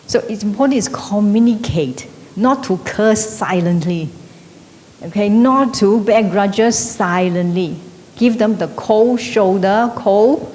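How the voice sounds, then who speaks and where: A woman teaching an evening class, lecturing conversationally and checking in with the class through frequent tag questions. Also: darkish tone. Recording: echoey hall with faint rumble.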